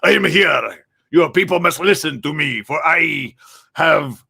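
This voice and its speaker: A man doing a pompous grandee who announces himself with heavy, booming declamation. His voice is bright and forceful, and he stretches each word slowly for effect. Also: lively intonation, vocal fry, husky, exaggerated voice. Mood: grandiose.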